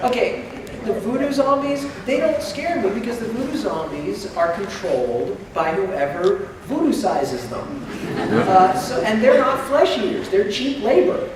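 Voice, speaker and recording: A man's voice: sits high, unhurried. A man in his thirties answering audience questions at a convention panel, joking and acting out quotes. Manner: animated, jokey, acts out quotes. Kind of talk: live panel Q&A, comic storytelling. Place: large convention hall. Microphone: PA mic heard from the front row. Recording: echoey hall from far off, noisy.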